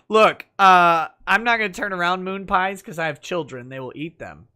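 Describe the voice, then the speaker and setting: A man's voice: high voice, normal speed, few pauses, pushed and bright, clear, resonant tone. A man hosting a casual livestream talk show, reading viewer messages aloud and laughing often.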